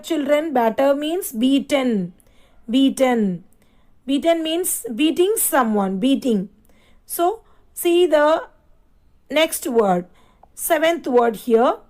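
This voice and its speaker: A woman's voice: high voice, low-quality recording. A woman teacher, giving a lesson and repeating and spelling words out aloud for children. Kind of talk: classroom lesson.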